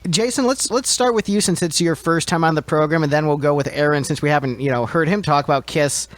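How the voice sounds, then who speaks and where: A man's voice: on the high side, fast, dry recording. A man hosting a casual podcast panel, joking, laughing often and stumbling over his words. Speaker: podcast host and band singer.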